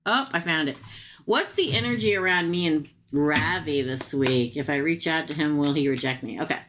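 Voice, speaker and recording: Low-voiced woman doing chatty tarot readings. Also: moderate pace, noisy background. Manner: chatty, talks straight to viewers and comments; casual and blunt, with slangy asides. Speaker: tarot reader. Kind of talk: live-stream tarot reading.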